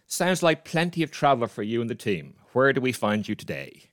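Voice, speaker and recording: A man's voice: mid-range voice, sing-song, a little fast. A man hosting a podcast interview, with polished, formal phrasing. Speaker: podcast host.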